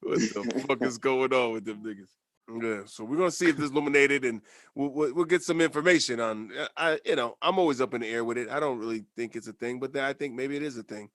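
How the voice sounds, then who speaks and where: A man's voice: medium pitch, fast, a bit bright, no echo. Joking man on a casual podcast. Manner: laughs often, swears, loose and joking. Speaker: podcast co-host.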